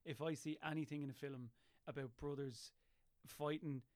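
A young Irish man in casual chat, telling emotional stories with lively energy and frequent laughter. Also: on the high side, moderate pace.

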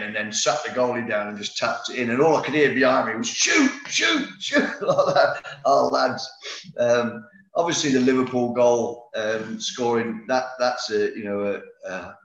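A man's voice: mid-range voice, a bit bright. A middle-aged man, a former footballer telling rambling anecdotes in a casual interview, full of fillers and restarts. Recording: roomy, slightly dull sound.

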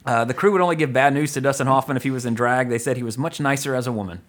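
A man's voice: medium pitch, rapid-fire. A man hosting a podcast, chatting casually about an old film, rambling with lots of fillers and frequent chuckles. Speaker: podcast host. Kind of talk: casual film-review chat.

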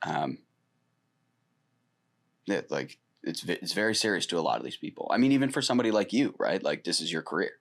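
A man's voice: low voice, lively intonation, a little fast, creaky, pauses often. A male podcast co-host in casual chat, easygoing, asking questions and using lots of filler words.

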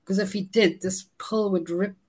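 A woman recounting a personal ordeal in an interview, halting and restarting often, audibly shaken but holding herself together. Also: medium pitch, steady tone, a little mellow, slightly rough. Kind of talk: emotional first-person storytelling.

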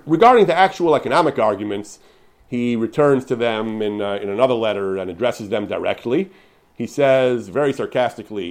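A man giving an unscripted lecture on religious law, paraphrasing sources with lively emphasis and frequent restarts. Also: mid-range voice. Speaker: lecturer on Jewish law and history.

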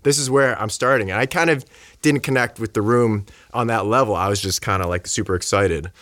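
A man telling a story in casual conversation, animated and acting out the voices of the people in it. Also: fairly low pitch, fairly quick, dry recording. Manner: animated, acts out quoted voices. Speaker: guest speaker.

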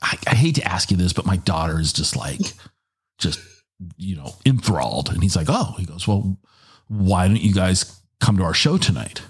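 Middle-aged man, husky low voice, casual animated storyteller. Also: moderate pace. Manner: animated, jumps up in pitch for quoted voices.

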